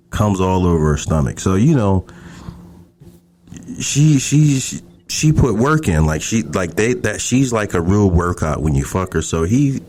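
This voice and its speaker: Male podcast guest, low voice, laid-back profane storyteller, faint room noise. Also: darkish tone. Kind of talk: casual storytelling.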